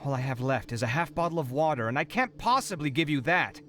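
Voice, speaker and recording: In this game dub, a fast-talking man with a sharp, higher-pitched voice and lively intonation plays a young male architect worn down by his lot, prone to sighing and grumbling in frustration. Faint game music plays behind him.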